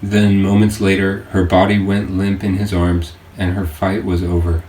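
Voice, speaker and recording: Man, deep voice, mellow, audiobook narration, earnest and measured, roomy distant sound. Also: monotone. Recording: roomy distant-mic home recording with faint hiss.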